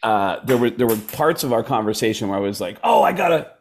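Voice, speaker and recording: Man telling a lively comedy story. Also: fairly low pitch, fast. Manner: animated storyteller who slips into voices. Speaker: comedian guest. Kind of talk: casual storytelling.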